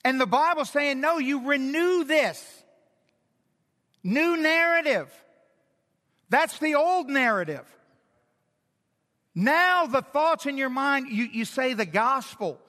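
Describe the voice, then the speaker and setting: A middle-aged man preaches from the pulpit with a high, bright, ringing voice. He tells stories in an animated way and drops from loud bursts to a hushed, intimate tone. Long reverb from a large hall trails each phrase. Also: slow, pauses often. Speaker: pastor. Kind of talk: sermon.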